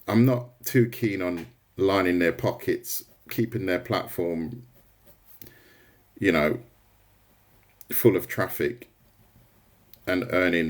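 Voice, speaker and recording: A man talks on his art livestream in an easy, rambling way. His voice sits slightly low, and he keeps breaking off to greet viewers. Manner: rambling, chatty, answers viewer comments. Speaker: artist livestreamer. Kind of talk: casual livestream chat while drawing.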